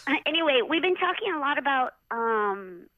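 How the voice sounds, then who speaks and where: A middle-aged woman and former jockey telling stories in a casual interview, animated, acting out others' lines and saying "like" often. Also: sits high, moderate pace, no echo. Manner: animated, acts out others' lines with many "like" fillers. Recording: dull lo-fi audio.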